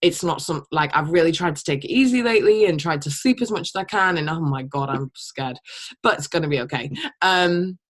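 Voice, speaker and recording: Young woman, team leader on a call. Low voice, blunt, rambling, swears casually. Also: fairly quick. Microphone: call microphone.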